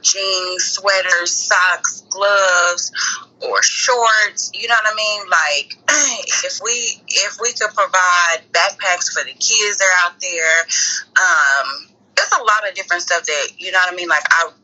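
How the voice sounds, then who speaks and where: A woman's voice: lowish voice, slow, bright, forceful tone. A woman organizing a charity meal project, talking casually in a live-stream interview, rambling with many fillers. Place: indoor room with door. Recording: dull phone-call audio.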